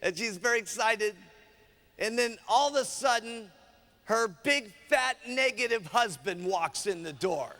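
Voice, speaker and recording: An energetic man gives a motivational seminar talk, telling stories emphatically in a high, gravelly voice. He keeps checking in with "okay?", and the long reverb of a large hall surrounds his words. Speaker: motivational speaker.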